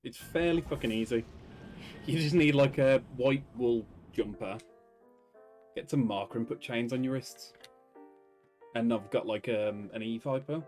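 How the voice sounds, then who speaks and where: A man's voice: medium pitch, unhurried, pauses often, darkish tone, faint music behind. A man streaming a game, joking and laughing often as he comments. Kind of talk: casual let's-play commentary.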